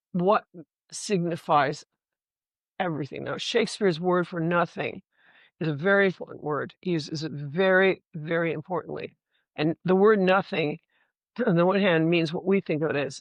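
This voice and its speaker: A woman Shakespeare scholar talking candidly in a relaxed lecture style, often checking in with "right?" and swearing casually. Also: fairly low pitch, moderate pace, no echo. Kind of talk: conversational lecture with readings.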